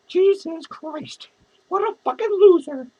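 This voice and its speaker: A woman's voice: very high-pitched, animated, slow pace, warm tone, heavily acted, low-quality recording. A woman playing a drunk, lonely, foul-mouthed female clown who rambles and swears in a rambling character vlog. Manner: rambling, profane, giggly.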